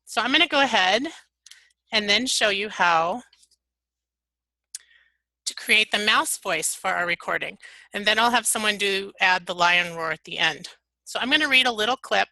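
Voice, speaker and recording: A woman presenting a software tutorial webinar, walking through the steps one at a time. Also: medium pitch, moderate pace, long pauses, no echo, rough recording. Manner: upbeat step-by-step instructions.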